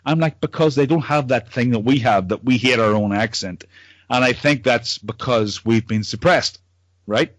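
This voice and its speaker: A man's voice: medium pitch, moderate pace, dry recording. A Northern Irish man chatting loosely with old friends over a video call. He rambles and stumbles over repeated words, swearing as he goes. His voice sits in a middle range and is recorded dry, with no room sound. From Northern Ireland. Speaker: podcast host. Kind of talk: casual chat among old friends.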